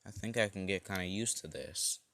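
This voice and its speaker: A man's voice: low-pitched, a little fast, a bit bright, no echo. A man voicing a nervous teenage boy with no powers, who talks in a hesitant, stammering way. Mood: anxious. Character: nervous quirkless teenage boy hero fan.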